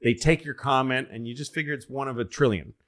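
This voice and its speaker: Guy from massachusetts telling long rambling stories on a podcast, mid-pitched voice. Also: quick pace, fairly bright tone. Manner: rambling storyteller, acts out quoted voices. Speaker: podcast co-host. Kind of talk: casual chat.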